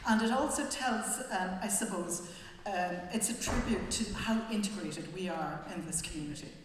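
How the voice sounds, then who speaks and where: A woman's voice: medium pitch, normal speed. A woman from Wexford with a Wexford Irish accent, giving a public talk as a panel speaker presenting a book. She talks in a conversational, wry way with frequent hesitations. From Wexford, Ireland. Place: library event hall. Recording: very echoey hall, faint noise.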